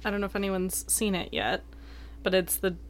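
Woman co-host, mid pitch, upbeat casual chat. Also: moderate pace. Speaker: podcast co-host. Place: New York.

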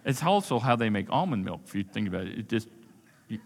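A man's voice: lowish voice, big pitch swings, fast talker. A man preaching a sermon as pastor, conversational and emphatic, repeating key phrases and acting out quoted asides. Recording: long hall reverb.

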